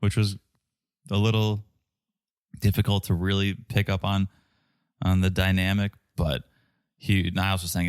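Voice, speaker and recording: Male podcast co-host, low and dry, casual wry recap chat. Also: monotone, unhurried, pauses often, smooth, dry recording. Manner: wry, jokey asides with quoted voices.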